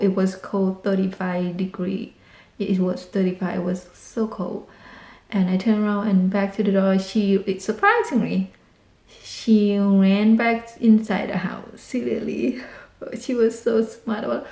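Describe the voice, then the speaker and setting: A woman with tells a family story as a vlog, excited and animated, piling on dramatic exclamations. Her voice sounds warm and mellow. It echoes in a roomy space. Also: mid-range voice, measured pace, creaky. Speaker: vlogger. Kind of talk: casual storytelling. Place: home in rural Texas.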